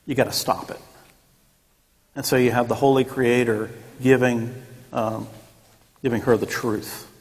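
A man teaching a church Sunday school class in a conversational way, with joking asides and acted-out quotes. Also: mid-range voice. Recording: long echoey church room.

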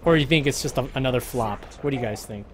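A man streaming a fighting game, casually talking through his moves to the chat and muttering to himself between bursts of excitement. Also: mid-range voice, quick pace. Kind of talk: casual live stream commentary. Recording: music playing behind the voice.

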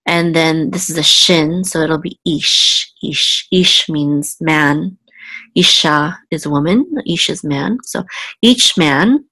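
A woman's voice: lowish voice, a bit bright. A woman teaching Biblical Hebrew word by word in a patient, self-correcting way, sounding out each letter and vowel. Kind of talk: slow word-by-word reading lesson.

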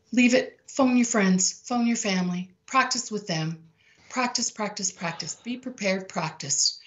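Emphatic female sales coach, lowish voice, dull lo-fi recording. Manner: emphatic, repetitive, animated delivery. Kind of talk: energetic sales tips talk. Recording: dull lo-fi sound.

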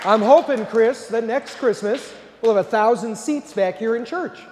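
A man's voice: very high-pitched, normal speed, a crowd in the background, noisy background. A man serving as pastor, giving jovial closing remarks and a blessing at Mass in a large church. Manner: jovial, warm-hearted delivery with playful asides. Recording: reverberant church hall.

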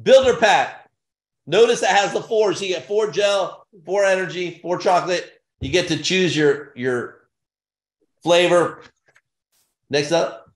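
A man giving an energetic business opportunity pitch in punchy, repetitive short phrases with bursts of excitement. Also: unhurried, pauses often. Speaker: sales presenter. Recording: roomy echo.

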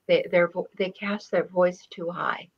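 A woman's voice: fairly low pitch, fairly even intonation, unhurried, husky, dull audio. An older woman in casual conversation, telling stories with hesitant restarts and fillers. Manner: rambling, hesitant storyteller. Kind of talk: casual chat.

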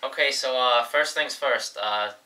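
A man's voice: mid-range voice, a little slow, sharp tone, a little hiss or hum. A man playing a stern job interviewer who asks dry, skeptical questions, heard from some distance.

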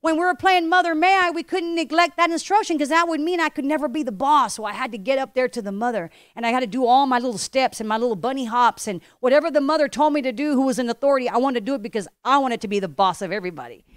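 A woman's voice: high-pitched, fast talker, dry recording, clean studio sound. A middle-aged woman pastor preaching a sermon with emphatic repetition and rhetorical questions. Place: church.

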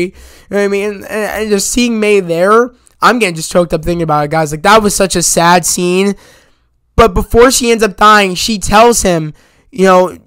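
High-voiced man rambling through a review. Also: fairly even intonation, moderate pace, fairly bright tone, smooth, dry recording. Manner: rambling, emphatic retelling with many fillers and casual swearing. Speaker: movie reviewer. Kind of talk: casual spoken movie review.

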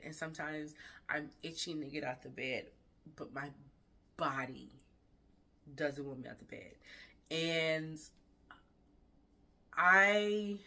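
Low, bright-voiced woman speaking frankly. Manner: earnest, emotional and frank, with repeated restarts. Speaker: fashion vlogger and designer. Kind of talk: candid personal life-update vlog. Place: indoors at night.

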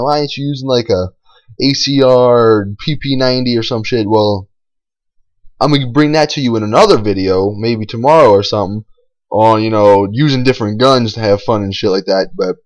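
A man narrates his own gameplay in a casual voice-over. His voice sits at an ordinary middle pitch. He rambles, brags about his moves, swears freely and keeps restarting his sentences. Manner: rambling, boastful and profane, with many fillers and restarts. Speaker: gameplay commentator. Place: voice-over recorded over game footage.

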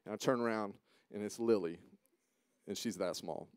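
A man in his thirties giving a sermon as a guest speaker, telling a personal story with emotion, dropping to a hush and then rising to loud, pleading questions. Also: fairly low pitch, moderate pace, smooth, no room sound, clean studio sound. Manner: emotional, swings from hushed to loud. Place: church auditorium.

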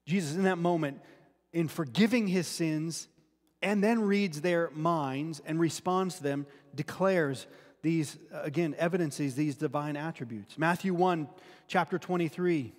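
A man's voice: fairly high pitch, unhurried. A man preaching a sermon, earnest and often restarting words as he teaches from scripture. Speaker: pastor. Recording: long hall reverb.

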